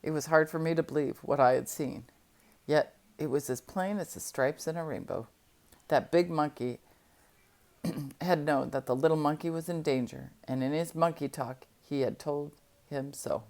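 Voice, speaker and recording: A woman reading a novel aloud, telling it in a steady first-person storytelling manner. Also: low-pitched, normal speed. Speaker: audiobook reader.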